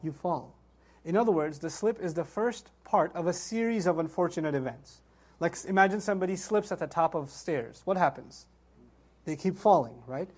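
Man, high voice, animated storytelling, religious talk. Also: moderate pace, breathy edge. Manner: animated storytelling, rhetorical questions. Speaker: Islamic speaker.

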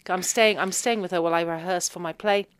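A woman, a podcast guest telling personal stories with lively, self-deprecating humor. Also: lowish voice, fast talker, smooth. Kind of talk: conversational storytelling.

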